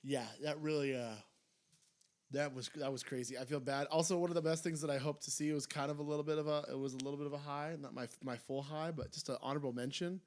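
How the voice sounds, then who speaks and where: A young man co-hosting a casual wrestling podcast, excitable, his voice jumping up when he retells funny moments. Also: fairly high pitch, fast talker. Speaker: podcast co-host. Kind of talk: casual chat.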